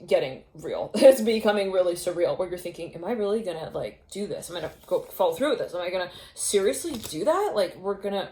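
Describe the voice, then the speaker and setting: A woman's voice: fairly low pitch, darkish tone, reverberant, a little hiss or hum. A woman giving a casual tarot reading to her viewers, rambling and intuitive, with frequent laughs and restarts. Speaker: tarot reader.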